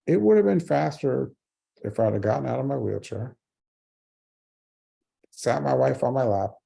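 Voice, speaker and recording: A man's voice: mid-range voice, creaky, warm tone, husky. A man in his forties giving a speech, telling a personal story with earnest humor. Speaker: keynote speaker.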